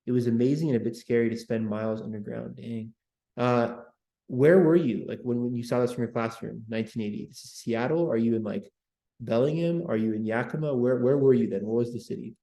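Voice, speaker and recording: A man's voice: mid-range voice, a little fast, gravelly, mellow, echoey room. A man hosting a history livestream, chatting with viewers and repeating words as he talks. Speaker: host. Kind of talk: livestream history talk, reading chat.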